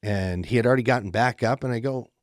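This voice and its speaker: A middle-aged man co-hosting a podcast tells a story fast, his voice mid-range and his delivery animated as he acts out the quoted lines. It's casual chat, captured in a dry, clean studio recording.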